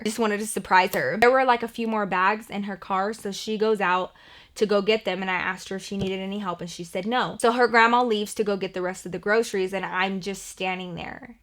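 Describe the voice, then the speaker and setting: A young woman vlogger telling a personal story in a chatty, animated way, full of "like" fillers. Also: medium pitch, a little fast. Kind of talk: storytime vlog narration.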